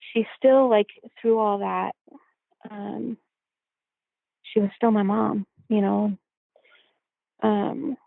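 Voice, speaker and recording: A woman guest telling a personal story in a reflective way, filling pauses with "you know". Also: medium pitch, vocal fry, no echo. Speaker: podcast guest. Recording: tinny phone-like line.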